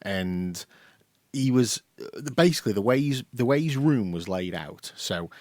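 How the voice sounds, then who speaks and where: A man's voice: on the low side, unhurried, no echo, clean studio sound. A young man, co-hosting a casual podcast chat, telling an anecdote with lots of laughter. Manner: animated storytelling, laughing, acting out voices. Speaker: podcast co-host.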